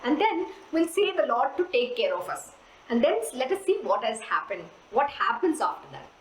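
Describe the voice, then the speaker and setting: A woman's voice: a little high, sing-song, moderate pace, reverberant, slight background noise, rough recording. A woman giving a spiritual discourse on scripture, earnest and questioning, repeating points for emphasis. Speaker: spiritual teacher.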